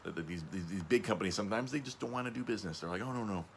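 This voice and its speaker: Lowish-voiced guy rambling on his podcast, trips over his words a lot, gets excitable. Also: very fast, creaky, a little hiss or hum. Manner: rambling, stumbles and repeats words often; excitable, voice jumps up on emphasis. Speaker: podcast host. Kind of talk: casual podcast chat.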